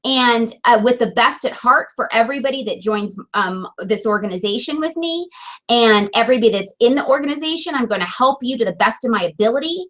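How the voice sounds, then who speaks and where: A woman's voice: a little high, lively intonation, brisk, fairly bright tone. A woman leading a sales team, giving an earnest, emotional motivational talk straight to camera. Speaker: direct sales team leader.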